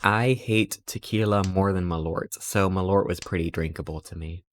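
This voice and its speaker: A man's voice: low voice, moderate pace, a little hiss or hum. A man streaming live, telling stories in a rambling, playful way and acting out quotes. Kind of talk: casual chat while streaming.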